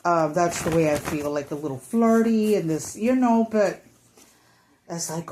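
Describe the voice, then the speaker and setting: A woman's voice: lowish voice, lively intonation, normal speed, warm tone, a little hiss or hum. A woman giving a casual tarot reading to camera, chatty and full of fillers, sometimes acting out what people might say. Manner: chatty, many fillers, acts out quoted thoughts. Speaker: tarot reader.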